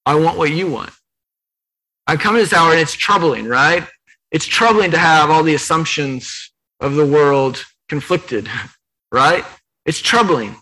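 A man's voice: on the high side, unhurried, pushed and bright, slightly rough, low-quality recording. A man preaching a sermon, earnest and emphatic, retelling scripture in his own words with repetition. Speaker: pastor.

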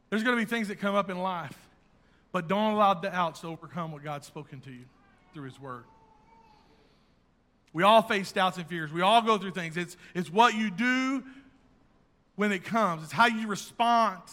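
A middle-aged male pastor preaches with a high, bright, ringing voice. He tells family stories earnestly, then climbs into fervent urging. The sound carries a long hall reverb, as from a church sanctuary. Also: normal speed. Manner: earnest storytelling, rising to fervent exhortation. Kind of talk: sermon.

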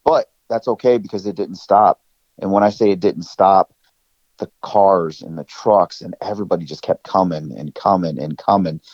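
Slangy man with a low, dull-toned voice. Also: moderate pace, breathy edge, no room sound. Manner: excitable, slangy, storytelling. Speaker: podcast co-host. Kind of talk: casual podcast chat.

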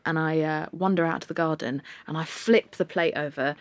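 A woman's voice: sits low, fairly even intonation, a little fast, no room sound. A woman, a guest telling a comic anecdote in casual talk, swearing freely. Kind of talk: casual storytelling.

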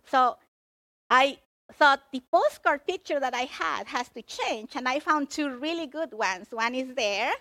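A woman preaching a sermon, emphatic and expressive as she tells the story. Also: high-pitched, a little slow, no echo.

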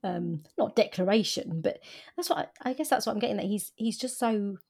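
A woman's voice: mid-range voice, lively intonation, a little fast, gravelly, darkish tone, breathy edge. A woman co-hosting a podcast, talking about a novel in an agreeable, hesitant way. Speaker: podcast co-host. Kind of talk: casual book chat.

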